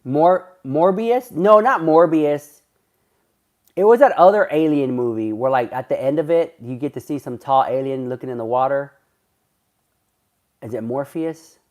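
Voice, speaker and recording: A man's voice: medium pitch, darkish tone. Chatty gossipy man live-streaming. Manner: chatty and gossipy, drawn-out rambling asides. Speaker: livestreamer reading chat. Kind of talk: casual livestream chat.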